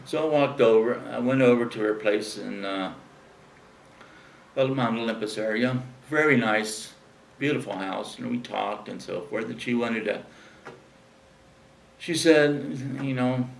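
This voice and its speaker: A man's voice: fairly low pitch, creaky, fairly bright tone, slight background noise. A man casually telling a long rambling anecdote with lots of fillers, acting out the people he quotes. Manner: rambling, frequent fillers, acts out quoted voices. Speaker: interview guest telling stories. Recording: distant mic in an echoey room.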